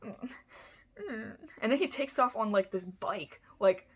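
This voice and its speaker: A woman's voice: fairly high pitch, unhurried, husky. A woman telling a true-crime story in a casual, rambling way, swearing freely and filling her talk with "like" and "you know". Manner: animated, acts out the people in her story.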